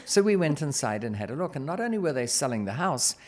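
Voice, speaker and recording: Lively middle-aged male storyteller. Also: medium pitch, quick pace. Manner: lively, acts out quoted dialogue. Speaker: investor guest telling a story. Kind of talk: casual anecdotal storytelling.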